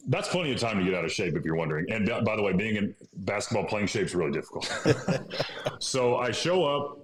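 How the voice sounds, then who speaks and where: A deep-voiced man in his thirties, from Illinois, sits as a guest and tells a story in a casual, animated way. He acts out bits of dialogue and laughs easily, and the room around him rings with echo. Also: fairly quick, a crowd in the background. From Illinois, USA. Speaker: podcast guest. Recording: echoey room.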